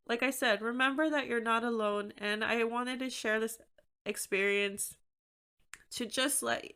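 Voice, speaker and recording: A woman's voice: fairly high pitch, pushed and bright, clear, resonant tone. A woman hosting her own podcast, talking candidly and conversationally on her own with frequent "like" fillers. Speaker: podcast host. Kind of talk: solo podcast talk.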